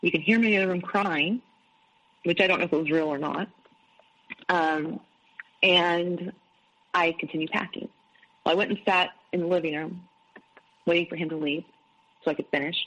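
With long pauses and fairly even intonation, a middle-aged woman speaks at a normal pace as an interview guest, openly recounting her experiences and quoting what others said. Her voice is lowish with a fairly bright tone, captured on a low-quality recording.

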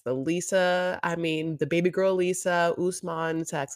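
A woman's voice: low voice, steady tone, normal speed, hardly any pauses, no room sound. A woman co-hosting a podcast, chatting casually in an emphatic, sassy way and drawing out her stresses. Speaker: podcast co-host. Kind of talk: casual chat recapping a reality show.

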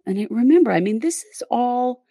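A woman's voice: a little high, lively intonation, fairly quick, warm tone, no echo. A woman hosting a podcast, telling a true crime case in a casual, step-by-step way with fillers. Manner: conversational, recounts events step by step with fillers.

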